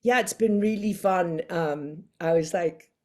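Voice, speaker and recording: In a relaxed interview chat, an older female guest recounts a story with a fairly low pitch at a slightly slow pace. She gets animated, acts out the voices she's quoting, and breaks into laughter often.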